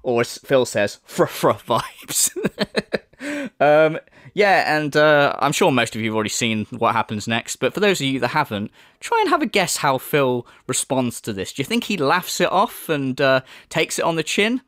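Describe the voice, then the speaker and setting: With a mid-range, sing-song, fairly bright voice at a moderate pace, a commentary channel host mocks his subject sarcastically, swearing a lot, laughing, and mimicking voices. Studio-quality audio, no echo.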